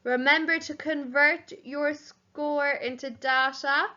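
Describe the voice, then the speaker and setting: A woman primary school teacher giving a home learning lesson, spelling words out slowly letter by letter. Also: high voice, steady tone, sharp tone, muffled recording.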